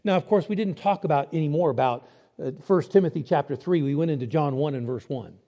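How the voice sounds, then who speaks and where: A man's voice: a little high, quick pace, dark tone. A man preaching a sermon in a conversational way, explaining step by step and asking his listeners rhetorical questions.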